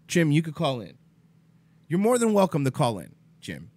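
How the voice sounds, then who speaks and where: A man's voice: on the high side, wildly swooping pitch, moderate pace, no room sound. A man hosting a livestream, venting in an exasperated, profane casual rant at his chat viewers. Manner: swears freely, exasperated, addresses chat viewers by name. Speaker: livestream host.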